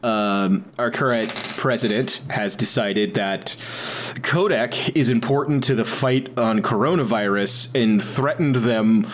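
A man's voice: medium pitch, unhurried. Joking man with a Midwestern twang. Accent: Midwestern American. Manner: joking, laughs easily. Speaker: podcast co-host. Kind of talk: casual political chat.

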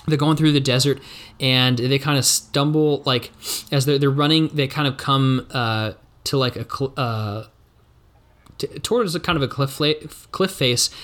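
A man running a solo tabletop game, talking through the rules and the story as he goes. His voice sits at a middle pitch, and his delivery is loose and rambling, full of restarts and corrections. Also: a bit bright. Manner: thinking aloud, rambling and self-correcting. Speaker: game master.

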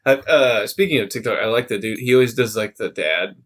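A man's voice: on the low side, a little fast, a bit bright. A man co-hosting a casual podcast, rambling with lots of fillers and frequent laughs. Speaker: podcast co-host. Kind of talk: casual chat.

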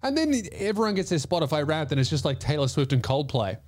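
Late-twenties guy, podcast host, rambling and jokey, pitched a little high. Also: animated, fast talker, darkish tone. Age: late 20s. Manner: joking, rambling storyteller. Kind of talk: casual chat.

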